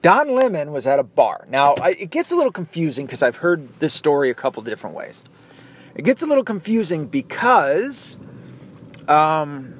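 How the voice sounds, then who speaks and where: Male podcast host, opinionated and foul-mouthed, with an animated, lively delivery. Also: on the high side, slight background noise. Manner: profane, blunt, opinionated. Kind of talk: casual ranting commentary.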